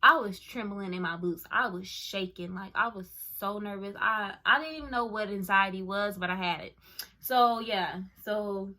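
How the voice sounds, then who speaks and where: A woman's voice: mid-range voice, normal speed. A young woman gushing as she tells a casual story to her viewers, full of "like" and "oh my goodness". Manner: excitable, gushing, lots of fillers like "like" and "oh my goodness". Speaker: YouTuber telling a story. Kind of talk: casual story time to camera.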